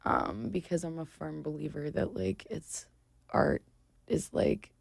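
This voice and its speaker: A woman's voice: low-pitched, sing-song, unhurried, gravelly, husky, no room sound. A woman in her thirties, a singer being interviewed, talking in a meandering, laid-back way. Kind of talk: casual chat.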